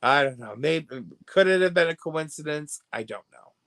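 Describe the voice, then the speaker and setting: This American livestreamer keeps things casual, gossiping, reading viewer comments and laughing often while flipping between hushed asides and loud bursts. His voice is a little high and animated, at normal speed, with no echo.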